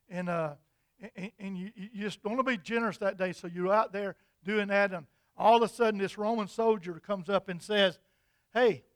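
A man preaching a sermon, telling an imagined story in an animated, repetitive way. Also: high voice, no echo.

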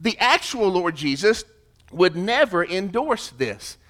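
A man preaching a sermon, emphatic, swinging between loud declarations and hushed, quiet stretches. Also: sits high, very animated, slow pace. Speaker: pastor.

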